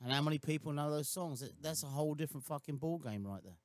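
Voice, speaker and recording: A man's voice: a little high, lively intonation, fast, dry recording. Blunt, swearing radio co-host man. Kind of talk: casual studio chat. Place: radio studio.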